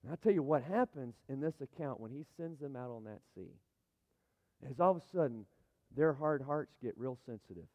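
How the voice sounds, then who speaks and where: A man preaching a sermon, emphatic and building to loud peaks as he speaks. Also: mid-range voice, lively intonation, moderate pace. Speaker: pastor. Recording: dull sound, long hall reverb.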